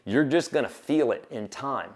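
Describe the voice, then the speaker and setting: A man's voice: mid-range voice, moderate pace. A man teaching guitar on a livestream, talking casually and encouragingly and counting beats aloud.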